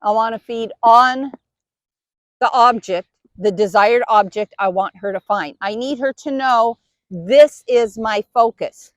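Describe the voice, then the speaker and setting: A woman's voice: a little high, a little slow, dry recording. A woman dog trainer patiently explaining each step while giving cues and praise to her dog. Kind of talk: instructional demonstration.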